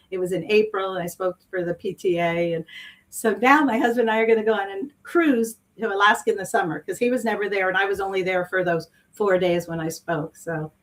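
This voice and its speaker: A middle-aged woman, a guest on an interview, telling stories in an animated way and acting out the dialogue. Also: mid-range voice, poor audio. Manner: animated storyteller who acts out dialogue and laughs often. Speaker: guest, speaker and improv actor. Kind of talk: casual interview storytelling.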